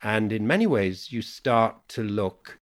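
Male poet guest, blended Yorkshire-Irish-American accent, lowish voice, reflective and meandering. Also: expressive. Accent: mixed Yorkshire, Irish and Americanized English. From Yorkshire, England. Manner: unhurried, musing storyteller with many "you know"s. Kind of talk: reflective podcast conversation.

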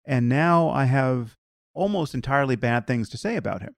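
A man hosts a podcast conversation, building his argument in a measured, deliberate way. His mid-range voice has a gravelly fry. The recording is close and dry. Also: mid-range voice, expressive, no echo. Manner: measured, argumentative, many "you know" fillers. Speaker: podcast host. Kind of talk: conversational interview.

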